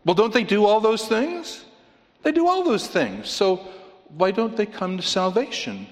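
His voice on the high side and trailed by a long reverb, a man delivers a sermon. He tells a story-like message with a joke and a scripture reading, asking listeners rhetorical questions.

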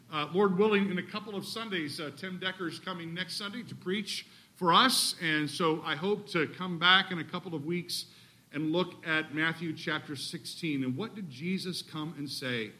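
Male pastor, sermon, high voice, very bright tone, emphatic rhetorical questions. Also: moderate pace. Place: church sanctuary.

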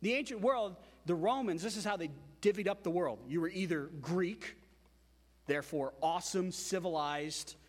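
A man preaching a sermon as pastor, emphatic and animated, with frequent repetitions. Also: sits high, normal speed, big-room sound.

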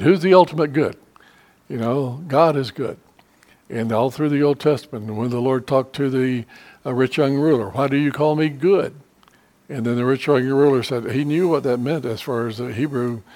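A man's voice: mid-range voice, measured pace, darkish tone. A middle-aged man teaching a church Bible study in an earnest, conversational way, with frequent restarts and fillers.

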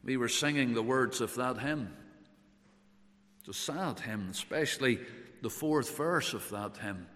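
A man preaching a sermon, moving between loud emphatic declarations and hushed tender passages, often repeating phrases for emphasis. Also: mid-range voice, measured pace. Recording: long hall reverb.

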